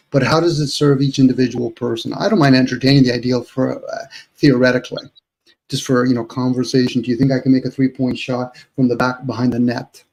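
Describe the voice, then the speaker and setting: Mellow-voiced man musing aloud. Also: mid-range voice, gravelly, rough recording. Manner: rambling, reflective, talks with rhetorical questions. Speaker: panel guest. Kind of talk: casual live panel chat.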